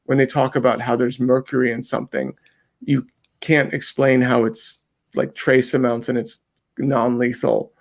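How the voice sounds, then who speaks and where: A man with a gravelly, creaky voice talks as a guest on a casual interview show. He rambles and restarts often, acting out the people he is describing. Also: mid-range voice, flat delivery, moderate pace. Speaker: interview guest, undercover video maker.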